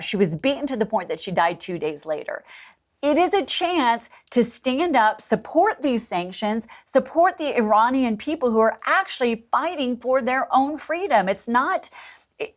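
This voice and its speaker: A woman with a Middle American accent co-hosting a political talk show, animated and repeating phrases for emphasis. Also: on the high side. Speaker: co-host.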